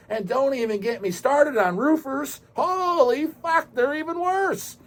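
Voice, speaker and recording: A man hosting his own channel, delivering a brash, profane rant full of emphatic swearing and sudden loud bursts. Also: high voice, lively intonation, fairly quick, few pauses. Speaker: channel host. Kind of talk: profane ranting monologue.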